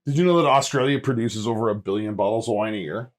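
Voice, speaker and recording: A man's voice: lowish voice, fast talker. A man co-hosting a podcast, chatting casually over wine and tossing out dry, offhand trivia. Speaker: podcast co-host. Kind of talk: casual chat while tasting wine.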